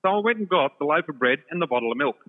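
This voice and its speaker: A man telling an animated personal story, laughing often and acting out the other voices, from a shopping centre. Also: on the high side, very fast. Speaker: storyteller guest. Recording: tinny phone line with long reverb.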